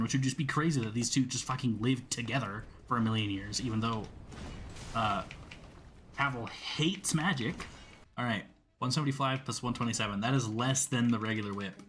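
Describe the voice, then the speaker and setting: A man's voice: medium pitch, normal speed, fairly bright tone. A young man rambles over his gameplay in an everyday mid-range voice, swearing and chatting to the enemies on screen. A faint hum of room sound sits under his talk. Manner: rambling, swears freely, talks to the enemy. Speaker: gameplay streamer. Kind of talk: casual gameplay commentary.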